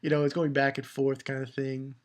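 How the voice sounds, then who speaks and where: A man giving a casual, rambling review of a manga chapter. He chuckles often and jumps into higher voices for the characters he quotes. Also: completely flat delivery, fairly quick.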